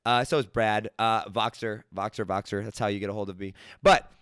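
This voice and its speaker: Podcast guest, male, rapid delivery, dry close sound, acts out quotes while telling stories. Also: lowish voice, clear, resonant tone, no echo. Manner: animated storyteller who acts out quoted dialogue. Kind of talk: casual business conversation.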